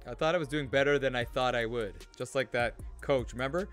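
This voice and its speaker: A man chats his way through a live gaming stream, reading out viewer messages and answering them as he goes. His voice sits at an ordinary pitch, and faint game music plays softly behind him. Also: a little fast, hardly any pauses. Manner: chatty, reads viewer comments aloud, laughs often. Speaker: gaming livestream host. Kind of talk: casual live-stream chat.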